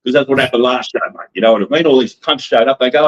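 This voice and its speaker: A man's voice: mid-range voice, brisk. A brash, fired-up Australian man, a wrestling promoter guesting on a podcast, swearing freely and laughing often. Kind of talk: casual podcast interview. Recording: dull lo-fi sound.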